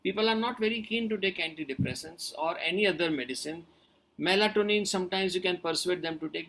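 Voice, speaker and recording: A man who is a doctor, answering audience questions over a video-call webinar in an earnest, advising way and repeating his key points. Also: high-pitched.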